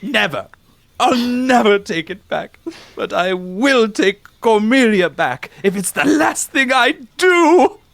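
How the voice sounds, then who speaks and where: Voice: mid-range voice, lively intonation, slow, gravelly, slight background noise. A tabletop role-play player voicing a melodramatic space sibling locked in a soap-opera feud with a step twin. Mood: taunting. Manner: over-the-top soap-opera delivery.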